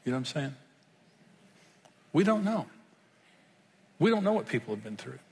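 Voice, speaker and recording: A man's voice: a little high, sing-song, moderate pace, vocal fry, darkish tone, in a large hall. An older man, preaching a sermon and telling stories in an earnest manner. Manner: storytelling, earnest, rises when stressing points. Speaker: pastor.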